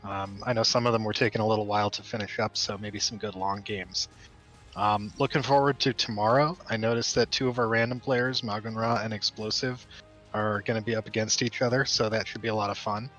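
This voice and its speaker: A man co-casting a live stream, speaking in a measured way with lots of hesitant ums. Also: on the low side, a bit bright, soft background music, rough recording. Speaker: co-caster.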